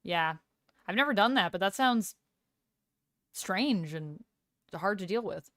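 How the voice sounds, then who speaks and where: A woman's voice: medium pitch, expressive, takes it slowly, a bit bright, no room sound, clean studio sound. A woman streamer chatting casually on a livestream, reading out chat messages, answering them and trying out phrases with a light laugh. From Canada. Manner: reads out chat and chats back, tries out phrases with a light laugh.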